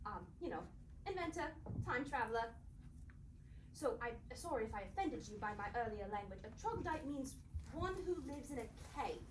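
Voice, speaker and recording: A woman playing an excitable, genteel female inventor and time traveler on a live stage, with a theatrical, breezy manner. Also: on the high side, moderate pace, lightly acted. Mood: explaining. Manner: theatrical, breezy, prim and gushing. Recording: roomy theatre heard from far off, noisy.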